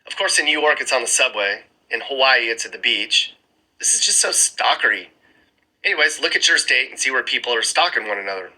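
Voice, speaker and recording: Male vlogger, casual sarcastic map commentary, bright tone, a bit husky. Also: mid-range voice, lively intonation, a little fast, rough recording. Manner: sarcastic, chuckling asides. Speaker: screen-recording vlogger. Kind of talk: casual commentary over maps. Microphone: phone screen-recording mic.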